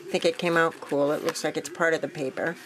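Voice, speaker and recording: A woman casually walking viewers through a craft project, relaxed and rambling, with frequent fillers and self-corrections. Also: low voice, fast, poor audio. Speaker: crafting vlogger. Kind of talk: casual show-and-tell walkthrough.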